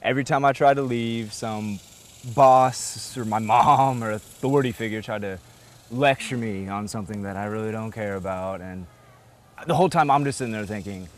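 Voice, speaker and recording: A man's voice: on the low side, moderate pace, natural voice. A young man acting a shy small-town boy in a film, talking nervously and stumbling over his words. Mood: flustered. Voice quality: nervous, stammering, with laughs between words. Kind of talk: film dialogue.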